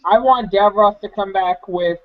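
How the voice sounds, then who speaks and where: A man's voice: high-pitched, normal speed. A man co-hosting a casual fan podcast, eager and rambling as he tosses out ideas. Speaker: podcast co-host. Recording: muffled lo-fi podcast audio.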